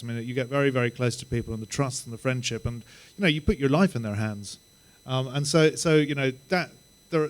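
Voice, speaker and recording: A man with a mid-pitched voice speaks on a panel. He talks in a measured way and pauses often on ums. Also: darkish tone. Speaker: journalist and panel moderator. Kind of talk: panel talk.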